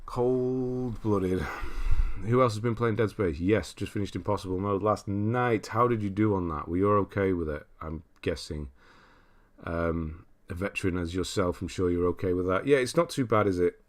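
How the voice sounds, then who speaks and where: A man's voice: low voice, brisk. A man from Britain hosting a casual livestream, reading viewer comments aloud and laughing often. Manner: chatty, laughs often, reads chat aloud. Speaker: livestream host.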